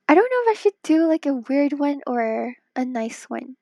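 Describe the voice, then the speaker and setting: A woman streamer chatting casually with viewers while drawing, giggly and excitable, talking into wireless earbuds. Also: high-pitched, normal speed, few pauses, no echo.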